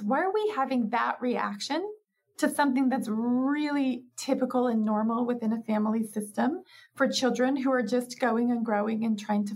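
A woman with a fairly high voice that carries a gravelly, husky edge. She speaks as a parenting expert in an interview, explaining patiently and reflectively. She often slips into acted-out parent dialogues.

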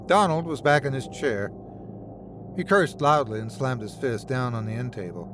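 A man narrating a horror story in a measured, dramatic way. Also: mid-range voice, animated, music in the background.

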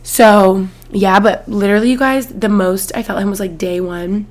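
A woman's voice: mid-range voice, fairly even intonation, normal speed. A woman in her twenties hosting a podcast, chatting casually in a bubbly, gushing way with lots of "like". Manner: bubbly, gushing, heavy use of "like". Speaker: podcast host. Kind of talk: casual chat.

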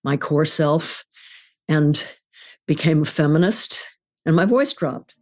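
Earnest older woman, lowish voice. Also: takes it slowly. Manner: reflective, earnest, emphatic. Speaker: guest. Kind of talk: podcast conversation.

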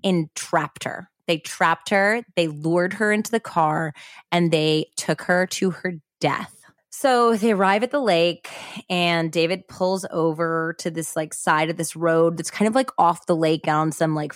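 A woman's voice: on the low side, dry recording, studio quality. A woman hosting a podcast, telling a true-crime story in a casual, chatty way, full of "like" and blunt swearing. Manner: chatty, frequent "like", blunt and profane. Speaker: podcast host.

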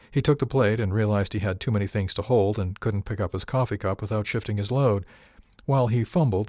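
Calm, low-voiced male narrator. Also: no room sound, clean studio sound. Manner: calm, measured, dryly understated. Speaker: audiobook narrator. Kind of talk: first-person scripted narration.

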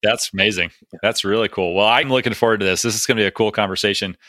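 Bright-voiced chatty American male host. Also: on the low side, steady tone, fast, dry recording. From United States. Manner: chatty, self-deprecating, filler-heavy. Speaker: podcast host. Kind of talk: casual interview chat.

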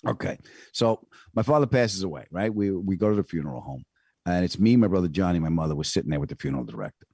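A man's voice: low-pitched, quick pace, breathy edge, dry recording, clean studio sound. A man hosting a podcast, telling a family story in a casual chat and acting out the people he quotes. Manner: animated storyteller, acts out quotes. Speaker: podcast host.

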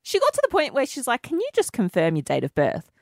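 A woman in her thirties co-hosting a radio show, telling stories in an animated way. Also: a little high, fast, creaky, no echo, clean studio sound. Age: 30s. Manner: animated storyteller, laughs often. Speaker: radio co-host. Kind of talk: casual radio chat.

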